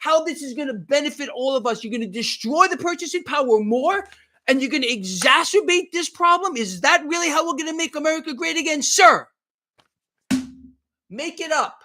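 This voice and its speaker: A man's voice: extremely high pitch, lively intonation, fairly quick, pushed and bright. A middle-aged man doing a live market commentary, heated and sarcastic, often repeating himself as he rants.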